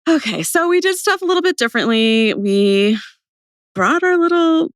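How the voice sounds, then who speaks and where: A young woman co-hosting a casual podcast chat, bubbly and chatty, her voice still rough with vocal fry from a recent cold. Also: high voice, lively intonation, moderate pace, no echo, studio quality. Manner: bubbly, chatty, laughing often. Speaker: podcast co-host.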